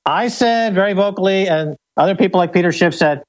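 A man's voice: high-pitched, brisk. A man appearing as a guest on a political radio show, arguing his case with pointed rhetorical questions. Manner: argumentative, uses rhetorical questions. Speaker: guest commentator. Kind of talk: political talk radio interview.

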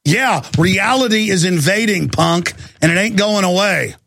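A man's voice: sits high, a little slow, gravelly, fairly bright tone, no room sound, studio quality. A man hosting a radio talk show, rambling through a long digressive rant before taking calls. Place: radio studio.

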